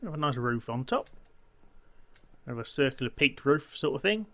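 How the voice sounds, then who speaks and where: A man's voice: medium pitch, expressive, moderate pace, pushed and bright. A man giving casual gameplay commentary as a channel host, muttering to himself and counting blocks under his breath.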